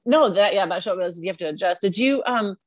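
A woman's voice: medium pitch, expressive, quick pace. A woman interviewing a guest in casual chat, reacting with frequent amazed exclamations. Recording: dry close sound.

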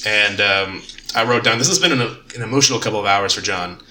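A man talks through a novel in casual, profane chat, throwing himself into the characters' lines. His voice is very bright. The recording sounds roomy and echoey, with light background noise. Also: fairly low pitch, fast. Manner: animated, swearing, acts out characters' lines. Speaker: podcast co-host discussing a novel. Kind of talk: casual book-club chat.

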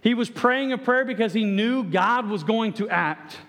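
A man's voice: high voice, normal speed, fairly bright tone. A man preaching a sermon with earnest, stammering restarts, acting out the quoted lines. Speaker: pastor. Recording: echoey hall reverb.

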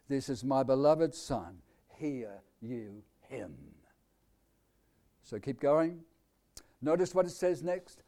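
A man with an Australian accent preaching a live sermon, quizzing his congregation with questions and swinging between loud declarations and quiet asides. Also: a little high.

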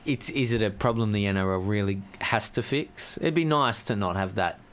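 A man's voice: fairly low pitch, normal speed, fairly bright tone, smooth. An Australian man co-hosting a podcast, chatting animatedly about football, often laughing and swearing. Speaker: podcast co-host. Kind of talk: casual sports chat.

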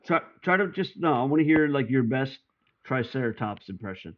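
A man's voice: medium pitch, expressive, normal speed. A man co-hosting a podcast in casual chat, eagerly prodding others to play along. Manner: prodding, eager to set up games. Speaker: podcast co-host. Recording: dull lo-fi audio.

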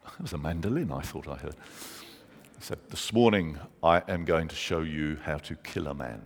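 A man, preaching a sermon and telling stories, slowing down for emphasis. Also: extremely low pitch, lively intonation. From England. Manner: earnest storytelling, slows down for emphasis. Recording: long reverb of a large hall.

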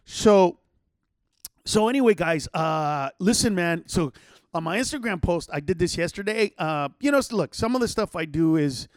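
A man with a notably high voice hosts a podcast from his home setup, and the sound is close and dry with no room around it. He tells stories in a loose, animated way, swearing freely and jumping into other people's voices to act out what they said. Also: normal speed, no echo. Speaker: podcast host. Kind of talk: casual storytelling to listeners.

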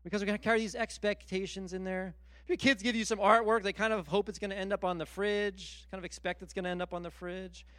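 A middle-aged man delivers a sermon in a high, light voice. He talks with animated emphasis, stacking repeated words and restarts as he presses each point. The sound is dry and close, with little room around it. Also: fast talker, no echo. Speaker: pastor.

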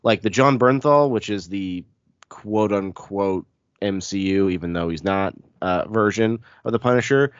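A man's voice: on the low side, dry recording, muffled recording. A man hosting a casual podcast chat, sounding congested from a cold, talkative and self-deprecating. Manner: chatty, self-deprecating, quick asides. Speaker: podcast host.

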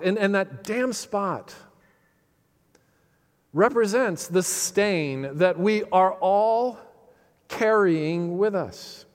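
A man preaching with a slightly high voice that rings out through a hall with a long, lingering reverb. He pushes key words up with force, then drops to a hushed, heavy tone and leans on dramatic pauses. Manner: emphatic, rises on key phrases then drops low and quiet; dramatic pauses, quotes lines with feeling. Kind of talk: sermon.

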